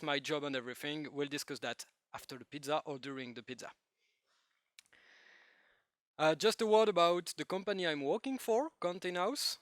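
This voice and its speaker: A man with a French accent giving a joking, lively tech talk to a live audience. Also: fairly high pitch, dry recording, studio quality. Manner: lively, joking, with non-native phrasing. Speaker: conference speaker.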